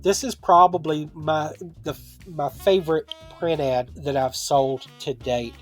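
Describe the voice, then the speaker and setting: A man with a somewhat high speaking voice chats his way through a casual vlog, drifting into personal asides as he goes. Soft guitar music plays quietly behind him. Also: steady tone, measured pace, few pauses. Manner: conversational, rambling with asides. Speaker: online seller and vlogger.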